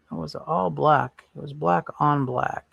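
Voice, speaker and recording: A man's voice: a little high, gravelly, a bit bright, husky, no room sound, dull audio. A man hosting a casual livestream, rambling and thinking aloud while browsing and chatting with viewers. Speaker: livestream host.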